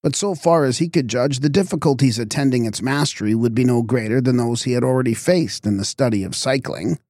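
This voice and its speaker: A man's voice: mid-range voice, a little fast, darkish tone, no room sound. Man reading a story, dry sound. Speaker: audiobook reader. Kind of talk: scripted narration.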